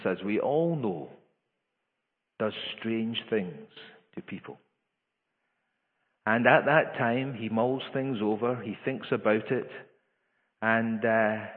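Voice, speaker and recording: Man preaching in an echoey hall, tinny sound. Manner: earnest, rises in pitch and force for emphasis, frequent restarts. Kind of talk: sermon.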